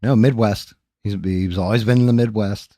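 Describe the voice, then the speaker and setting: A man's voice: fairly low pitch, steady tone, normal speed, warm tone, no echo, studio quality. A man hosting a casual livestream, talking in a profane, rambling, off-hand way. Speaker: streamer and host. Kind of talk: casual livestream chat while painting.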